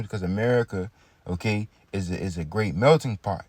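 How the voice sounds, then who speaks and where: A man's voice: on the low side, normal speed, darkish tone, no echo. A man teaching from the Bible in a casual way, reading verses aloud and checking in with his listeners with a frequent "okay?". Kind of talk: scripture teaching.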